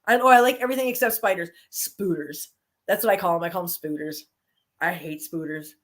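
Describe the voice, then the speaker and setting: During a live stream she hosts, a woman casually chats with viewers and tells stories animatedly, her voice swinging from low grumbles to high squeals.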